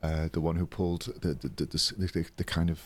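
A man's voice: low-pitched, little pitch movement, brisk. A man in his thirties, a drag performer telling stories as an interview guest, chatty and hesitant with many ums and restarts. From United Kingdom. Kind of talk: casual interview storytelling.

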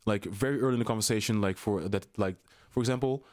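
A man, a podcast guest, telling a story in a casual, animated way, full of "you know what I mean" asides and blunt swearing when worked up. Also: fairly low pitch, quick pace.

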